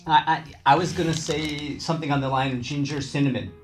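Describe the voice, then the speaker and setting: A man's voice: on the high side, fairly even intonation, fairly quick, soft background music. A man from Canada chatting as a guest taster, often hesitating and restarting his sentences. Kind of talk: casual chat.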